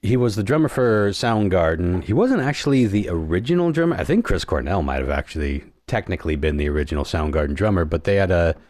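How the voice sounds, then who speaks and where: A man's voice: low voice, very animated, fast talker, few pauses, darkish tone, no room sound. A middle-aged man hosting a podcast, telling stories in a rambling, laid-back way. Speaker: podcast host. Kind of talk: casual chat.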